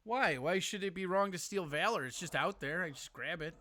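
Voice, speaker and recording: A man's voice: high-pitched, animated, fairly quick, crowd noise. A man hosting a live call-in stream, teasing and roasting his callers with a lot of swearing. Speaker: host.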